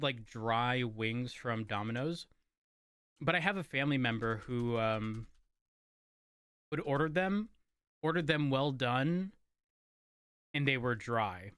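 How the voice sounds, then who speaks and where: A man's voice: mid-range voice, a bit bright, no room sound, clean studio sound. A man chatting casually while streaming a game, rambling and correcting himself as he eats. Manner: rambling, self-correcting, talks while eating. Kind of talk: casual chat while gaming.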